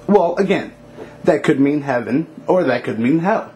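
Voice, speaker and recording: Man doing a raised-pitch mystic fortune teller lady, calm and theatrical, slow dramatic delivery. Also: a little hiss or hum, lightly acted. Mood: mysterious.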